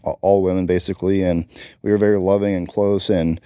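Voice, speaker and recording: A man's voice: low-pitched, flat delivery, a little fast, mellow, clear, resonant tone, dry recording. A man who is a Marine combat veteran, talking bluntly and emphatically as an interview guest. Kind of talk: candid interview talk.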